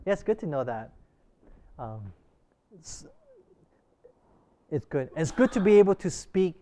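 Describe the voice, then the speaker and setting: Man teaching a church class, quick back-and-forth questions, somewhat high pitch. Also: sing-song, dark tone. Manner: asks the group many short questions. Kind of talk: interactive church class discussion.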